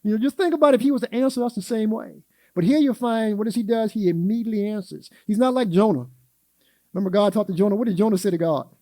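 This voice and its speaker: A man with a high, mellow voice teaches a church Sunday school class. He talks in a folksy way, puts questions to the class and acts out everyday quotes. The sound is close and dry, with no room around it. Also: quick pace, dry recording.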